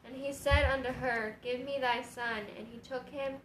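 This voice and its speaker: A woman reads scripture aloud in a flat, even, fairly high voice, steady and formal. The room is echoey, with faint ambience behind her. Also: normal speed, noisy background. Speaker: scripture reader.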